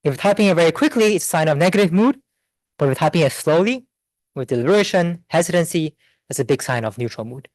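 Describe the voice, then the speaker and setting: A man giving an academic seminar talk, explaining research results in a steady, methodical way with occasional fillers. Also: a little high, fast talker, no echo, rough recording. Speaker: invited seminar speaker. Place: lecture room.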